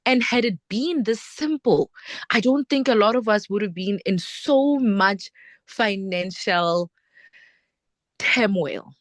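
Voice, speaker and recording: A woman's voice: mid-range voice, takes it slowly, dry recording. A South African woman at an online book club, talking earnestly and slipping Sotho phrases into her English.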